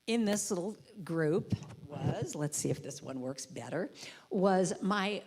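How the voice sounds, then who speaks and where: A woman speaking at a church service, giving a playful inspirational talk and acting out quotes in high, comic voices. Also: expressive, slow, a little mellow, husky. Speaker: guest speaker and musician. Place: church sanctuary. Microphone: handheld or headset mic with trouble.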